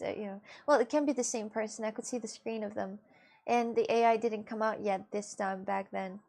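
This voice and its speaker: A woman's voice: on the high side, vocal fry, darkish tone. A woman chatting casually with her livestream viewers, rambling and giggling as she answers them. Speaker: streamer.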